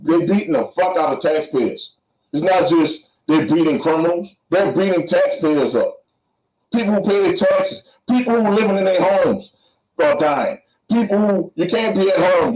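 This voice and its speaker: A man's voice: on the high side, a little mellow, reverberant, poor audio. A man hosting a podcast, ranting angrily with heavy profanity and lots of repetition for emphasis. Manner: heated, profane, repeats himself for emphasis. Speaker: podcast host. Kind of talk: angry podcast rant.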